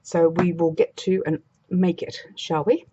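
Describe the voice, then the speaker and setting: A woman's voice: lowish voice, level tone, unhurried, mellow, dull audio, a little hiss or hum. A woman demonstrating a craft project in a chatty, casual way, thinking aloud as she works. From Australia.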